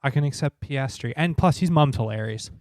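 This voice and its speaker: A man's voice: medium pitch, brisk, a little mellow, no room sound, clean studio sound. Blunt, opinionated man. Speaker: podcast co-host. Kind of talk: casual sports chat.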